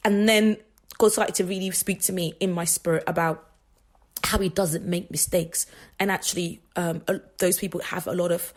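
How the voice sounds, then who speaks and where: In a casual faith talk monologue, a woman hosts a radio show and shares personal stories, chatting and rambling with plenty of laughs and restarts. Her voice is fairly low and steady, at a moderate pace.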